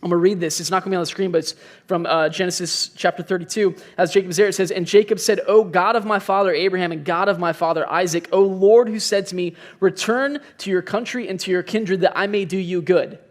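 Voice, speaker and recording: A man's voice: high-pitched, fairly even intonation, quick pace. A young man preaching a sermon in an earnest, conversational way, openly sharing his own struggles. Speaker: pastor.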